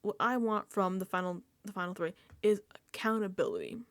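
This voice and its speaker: A woman hosting a casual reality TV recap vlog, animated and emphatic, dropping into whispered asides and swearing casually. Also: mid-range voice, brisk, no echo.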